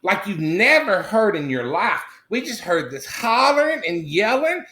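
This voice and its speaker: A man's voice: sits high, very animated, unhurried, pushed and bright, heavily acted. A man playing a middle-aged country man, telling a meandering, folksy comic story full of crude asides. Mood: rambling. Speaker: comedy character host. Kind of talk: improvised comic monologue. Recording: roomy echo.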